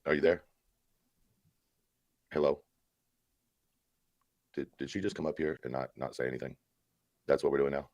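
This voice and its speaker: A man's voice: a bass voice, steady tone, moderate pace, pauses often, darkish tone, no echo. A man hosting a live stream, delivering a sarcastic, mock-solemn support-group speech and then chatting casually with viewers.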